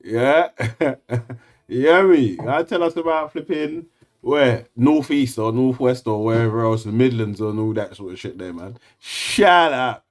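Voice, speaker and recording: A man's voice: animated, unhurried. A man, laughing and talking in street slang as he reacts to clips on a stream. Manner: slangy, laughing, mocks others in a high voice. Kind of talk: casual reaction commentary.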